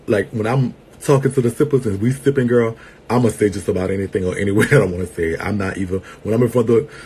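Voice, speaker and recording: In a casual vlog, a male entertainer addresses his viewers with sassy, playful banter, calling them girl and sweetheart and laughing a lot. His voice sits lowish with a slight hiss or hum, and he swings from loud bursts to quiet asides.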